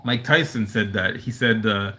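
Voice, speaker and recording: Fairly low in pitch with a sharp tone, this man talks at normal speed while hosting a casual livestream from home, his dog nearby. He answers chat in an earnest, meandering way, leaning heavily on "you know."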